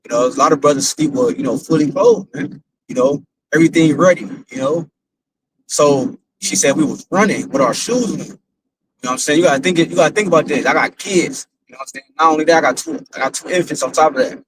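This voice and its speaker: A father tells a religious testimony in a casual, slangy, rambling way, repeating himself as he goes. His voice is a little high and animated, he talks fast, and the recording is rough.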